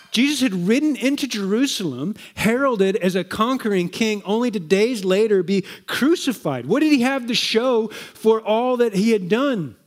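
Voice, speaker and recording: A man preaching a sermon in a conversational way, often asking rhetorical questions and repeating words. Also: high voice.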